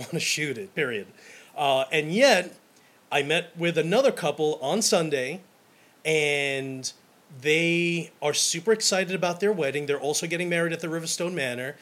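Upbeat, excitable young man. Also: a little high, moderate pace. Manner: energetic and enthusiastic, many restarts. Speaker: wedding photographer. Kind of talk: casual monologue to camera.

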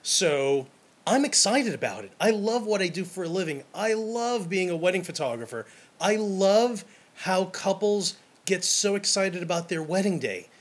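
An energetic young man telling stories in a casual monologue. His voice sits a little high and bubbles with enthusiasm, often tripping over itself and restarting as he talks. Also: moderate pace. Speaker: wedding photographer.

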